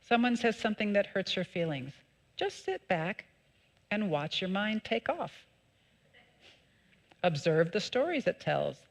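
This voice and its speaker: A woman minister giving a sermon, calm and measured in her teaching, with lively emphatic peaks. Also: lowish voice. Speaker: associate minister. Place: church sanctuary.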